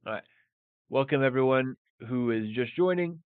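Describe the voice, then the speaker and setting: A man teaching a live English lesson in a relaxed, think-aloud way, dropping Spanish phrases in as he goes. His voice is smooth and clear, but it comes through a narrow, phone-like line with almost no room sound. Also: medium pitch, moderate pace, no echo. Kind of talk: live-streamed language lesson.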